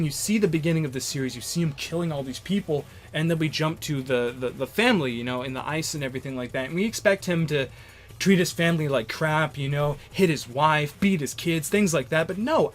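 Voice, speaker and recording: A man's voice: fairly high pitch, lively intonation, fairly quick. A young man giving casual, enthusiastic video commentary as an anime reviewer, rambling with many fillers and restarts.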